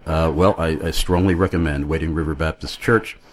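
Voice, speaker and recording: A man's voice: a bass voice, fairly even intonation, fairly quick. A man hosting a Christian talk radio show, chatting earnestly and rambling a little with fillers. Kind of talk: friendly talk radio chat.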